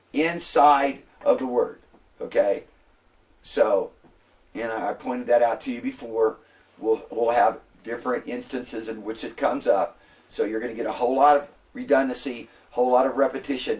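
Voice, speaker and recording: A man's voice: medium pitch, darkish tone, distant mic. A man lecturing a classroom as a Hebrew instructor, patient and repetitive, often prompting the students to answer.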